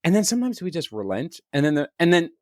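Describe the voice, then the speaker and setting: A man co-hosting a casual podcast chat, talking in an animated way and laughing often over a remote recording. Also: on the high side, fast, dry recording, clean studio sound. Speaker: podcast co-host. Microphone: remote recording over video call.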